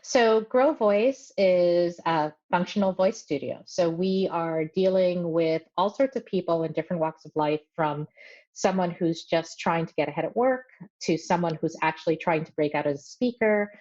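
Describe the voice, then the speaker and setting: A woman voice coach, a guest on a podcast, explaining her work in measured terms with light laughs. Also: lowish voice, a little mellow. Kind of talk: casual podcast interview. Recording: slightly dull lo-fi audio.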